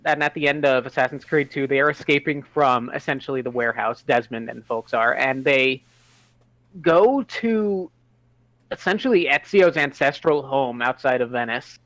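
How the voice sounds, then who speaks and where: Male, even-tempered explainer, casual chat, dry close sound. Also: medium pitch, moderate pace, no room sound, rough recording.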